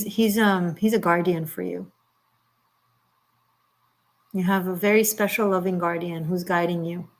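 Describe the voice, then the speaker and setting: A woman giving a live tarot reading, talking in a rambling, halting way with many fillers and restarts, gently reassuring and at times moved close to tears. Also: fairly low pitch. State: emotional, near tears. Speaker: tarot reader.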